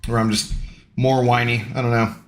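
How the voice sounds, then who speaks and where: A man's voice: mid-range voice, level tone, normal speed. A young adult man streaming, chatting casually with viewers in a rambling, easygoing, self-deprecating way. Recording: faint music underneath.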